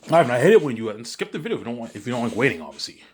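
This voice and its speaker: A man's voice: mid-range voice, very animated, very fast. A man vlogging in a rambling, repetitive monologue with frequent swearing.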